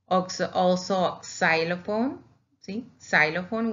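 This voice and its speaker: A woman's voice: on the low side, sing-song, a little slow, fairly bright tone, highs cut off. A woman teaching a recorded Spanish lesson, patiently repeating words for emphasis. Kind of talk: recorded slideshow lecture.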